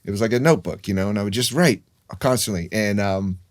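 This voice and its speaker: A man's voice: lowish voice, fast talker. A man in his fifties, a guest in a casual interview, telling stories in a rambling way with frequent restarts. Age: 50s.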